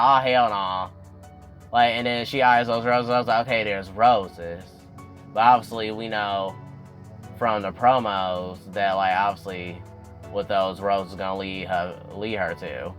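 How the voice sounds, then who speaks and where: Lively man recapping a show. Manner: animated, addresses viewers as y'all, swings up in pitch when excited. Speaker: YouTube recap host. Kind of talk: casual episode recap.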